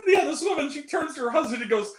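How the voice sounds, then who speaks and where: A young man co-hosting a casual live movie chat, laughing often and slipping into goofy voices when he quotes people. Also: very high voice. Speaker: movie review co-host. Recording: echoey room.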